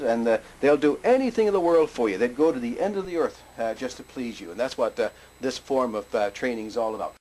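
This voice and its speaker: A man teaching dog tricks in a plain, explaining way, with bursts of high, cheerful praise for the dog. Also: a little mellow, a little hiss or hum. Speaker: dog trainer. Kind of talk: instructional talk. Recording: music playing underneath.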